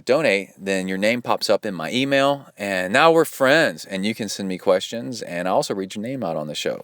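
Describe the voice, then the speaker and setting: A man's voice: fairly low pitch, no room sound, studio quality. A man hosting a podcast as a triathlon coach, talking in a rambling, chatty way with plenty of fillers and asides. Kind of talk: casual solo podcast talk.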